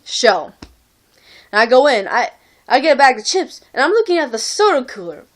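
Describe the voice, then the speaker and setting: A woman's voice: high-pitched, very animated, moderate pace. A young woman from Texas telling a rambling, exasperated story to camera, recorded on a phone. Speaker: vlogger.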